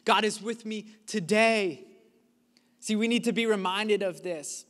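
A man preaching a sermon as a pastor, earnest and emphatic, with dramatic pauses. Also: high voice, a bit bright, big-room sound.

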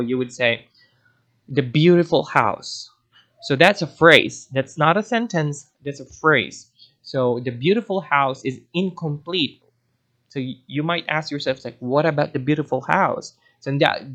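A man's voice: medium pitch, fairly bright tone. Man teaching, rambling explanations. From Philippines. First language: Cebuano. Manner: rambling and self-correcting, often digresses. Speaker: language teacher. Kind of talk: explanatory language lesson.

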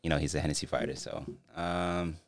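A man in his forties from Boston, a podcast guest, talking in a relaxed way with many fillers. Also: very deep voice, a little fast, dry recording, clean studio sound. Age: 40s. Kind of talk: casual interview chat.

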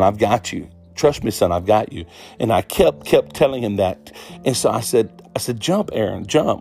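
A man delivers a sermon in an emphatic, repetitive style, pressing points home and rising into exhortations. His voice sits at a middle pitch. Soft guitar music plays faintly behind him. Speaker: preacher.

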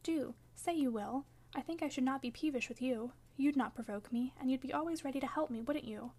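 A woman voicing a sickly, peevish teenage boy in an audiobook, fretful and self-pitying, often dropping to a hushed whisper. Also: high-pitched, fairly quick. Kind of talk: audiobook character reading.

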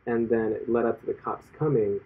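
A man's voice: medium pitch, fairly even intonation, a little fast, slightly rough. A man in casual chat who rambles with many fillers and retells stories in quoted voices. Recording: tinny lo-fi phone-like audio.

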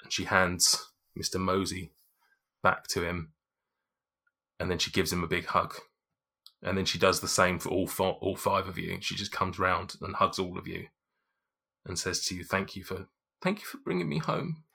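A man's voice: sits low, level tone, normal speed, vocal fry, pauses often, bright, forceful tone, breathy edge. A man narrating a tabletop game as game master, rambling with restarts. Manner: rambling, lots of fillers and restarts.

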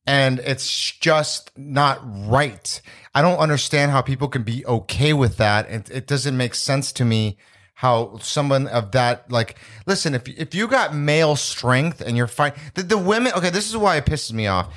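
A man's voice: medium pitch, lively intonation, unhurried, fairly bright tone. A man co-hosting a comedy podcast, talking in a rambling, blunt way, swearing freely and laughing often. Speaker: podcast co-host. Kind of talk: casual comedy podcast chat.

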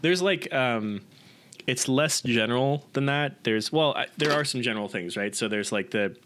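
An easygoing man from the United States chatting at a mid pitch. He keeps checking in with "right?" as he explains. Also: expressive, moderate pace, fairly bright tone, a little hiss or hum. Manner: easygoing, uses fillers like right and um. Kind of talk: casual chat.

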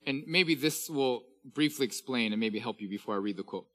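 A man in his thirties, a pastor preaching a sermon, reading scripture slowly and with emphasis. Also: medium pitch, expressive, fairly bright tone.

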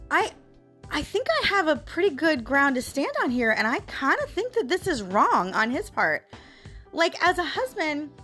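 A woman's voice: high-pitched, fairly bright tone. A woman hosting her own audio blog, venting to her listeners in an emphatic, frustrated way and speaking to them directly. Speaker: podcast host. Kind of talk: casual venting monologue.

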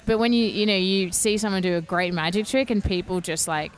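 A woman's voice: mid-range voice, a little fast. A woman chatting casually on a podcast. She talks in loose, rambling sentences full of fillers, restarts and little laughs. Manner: chatty, lots of "like" and "you know".

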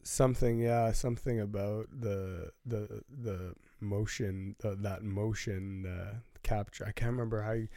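Gravelly guy, kinda hesitant, lots of likes and ums, dry close mic. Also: lowish voice, steady tone, mellow, dry recording. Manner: hesitant, halting, full of fillers, apologetic. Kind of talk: casual chat.

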